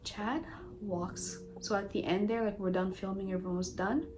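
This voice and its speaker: A woman vlogger recounting a story to her viewers in a chatty, animated way, full of fillers and asides to the audience. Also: mid-range voice, moderate pace, music in the background, rough recording. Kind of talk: storytime vlog.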